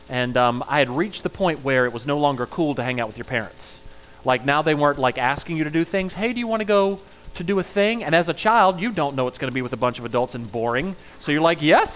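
A man's voice: on the high side, fairly bright tone, low-quality recording. A middle-aged man preaching a sermon in a conversational style, telling personal stories and joking with his congregation. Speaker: pastor.

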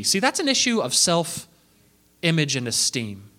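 A man delivering a sermon with a lively, swooping delivery and a bright, forceful tone. He jumps in and out of the voices of the people in his story as he preaches. His voice sits a little higher than most men's. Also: a little slow. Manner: animated, acting out quoted voices.

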